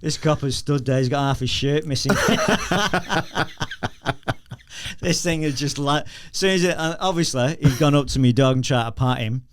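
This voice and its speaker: This middle-aged guest, a Northern English former explosive detection dog handler, talks fairly quickly with few pauses in a clean, medium-pitched voice. In the casual podcast interview he tells anecdotes chattily, laughing and restarting frequently.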